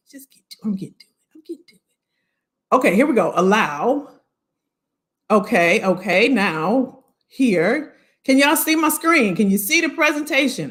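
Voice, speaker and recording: A woman career coach presenting on a livestream, chatty and animated, talking straight to her viewers as she sets up her slides. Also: fairly high pitch.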